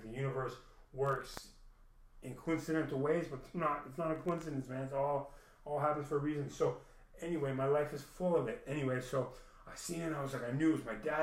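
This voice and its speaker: Guy rambling and swearing thru a personal story, middle pitch, roomy echo. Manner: rambling, repeats himself, swears.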